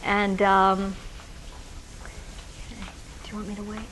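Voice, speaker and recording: In a very noisy recording, a woman speaks slowly and in a monotone at medium pitch while giving a workshop lecture to social workers. She talks conversationally with fillers, restarts and personal anecdotes, before a live audience in a lecture room.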